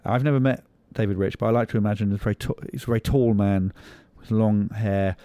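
A man's voice: on the low side, steady tone, dark tone. Jokey man hosting a quiz. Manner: teasing, jokey, quick asides. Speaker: radio podcast host. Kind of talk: playful quiz-show banter.

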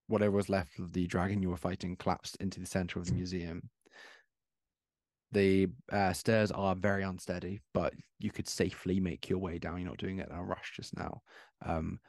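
A man's voice: low-pitched, a little mellow, no echo, clean studio sound. A man narrating a tabletop horror game as game master, often stammering and laughing.

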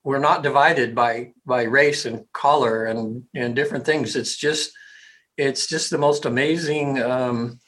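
Rambling man who keeps clearing his throat. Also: mid-range voice, fairly even intonation, slow, a bit bright, rough recording. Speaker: hypnotherapist. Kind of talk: casual interview talk.

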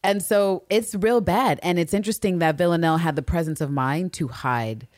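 A woman co-hosting a podcast, casually recapping a TV episode with lots of swearing and quick impressions. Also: on the low side, no room sound, studio quality. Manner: profane, animated storytelling with quick impressions. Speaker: podcast co-host.

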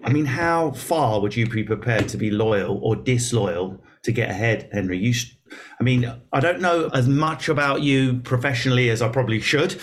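A man with an Essex accent hosts a loose chat in a mid-pitched voice. He is blunt and jokey, and he swears freely. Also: animated, moderate pace, slight background noise. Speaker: podcast host. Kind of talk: casual chat.

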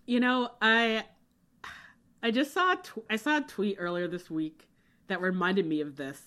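Female podcast co-host, lively and quick to laugh, exasperated rants. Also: mid-range voice. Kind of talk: casual book discussion podcast.

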